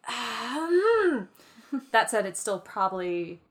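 Podcast co-host, woman, thirties, giddy and excitable, quick laughs. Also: on the high side. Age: 30s. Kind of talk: casual chat.

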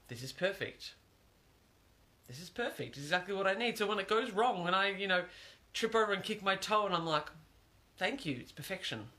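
A man's voice: high voice, bright, forceful tone. A man giving an earnest, reflective monologue, repeating phrases for emphasis.

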